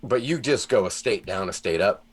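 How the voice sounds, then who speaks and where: A man's voice: on the low side, moderate pace, faint music behind. A man with an American Midwest accent, telling stories in a casual group chat and laughing often. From United States. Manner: animated storytelling, laughs often. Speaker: guest player.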